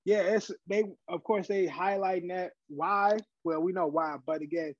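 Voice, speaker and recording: A man's voice: sits high, fairly even intonation, moderate pace, lo-fi sound. A man co-hosting a casual sports podcast, hyped and repeating his points. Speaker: podcast co-host.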